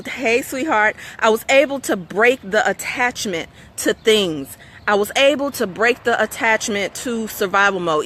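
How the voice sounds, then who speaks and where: Middle-aged woman, host of a live motivational stream; bright tone, conversational and sermon-like, checks in with the audience. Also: mid-range voice, slight background noise. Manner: conversational, preachy, asks audience for agreement.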